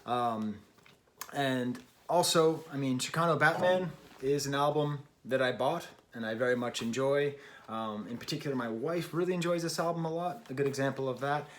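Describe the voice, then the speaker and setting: A man's voice: medium pitch, moderate pace, fairly bright tone. A middle-aged man hosting his own music review show, talking casually and unscripted, chatty and self-deprecating with frequent ums and restarts. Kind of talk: casual unscripted video talk.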